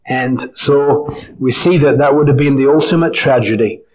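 A man preaching a sermon, earnest and emphatic, slowing down to stress key phrases. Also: medium pitch, a little mellow, a little hiss or hum, poor audio.

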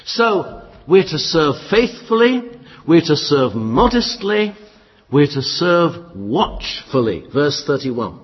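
Preacher with a lively, emphatic delivery. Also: male voice, fairly high pitch, slow, husky. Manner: emphatic, lively expository preaching with dry humour. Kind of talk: sermon. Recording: muffled, echoey hall.

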